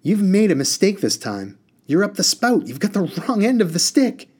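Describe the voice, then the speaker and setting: A man's voice: mid-range voice, big pitch swings, moderate pace, darkish tone, voice pushed up. A man reading the part of a firm, stubborn young boy. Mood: indignant. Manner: firm, demanding.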